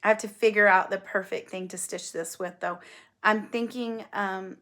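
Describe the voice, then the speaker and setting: A woman's voice: mid-range voice, steady tone, normal speed, a bit bright. Gushing woman showing off gifts. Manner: gushing, enthusiastic, chatty. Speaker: flosstube host. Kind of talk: casual show-and-tell chat.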